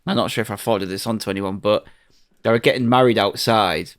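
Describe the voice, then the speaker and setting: A man co-hosting a casual podcast, telling funny stories with animated delivery and frequent laughter. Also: on the low side, fast, clear, resonant tone, dry recording, clean studio sound. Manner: animated storytelling, laughs often. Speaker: podcast co-host. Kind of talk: casual chat.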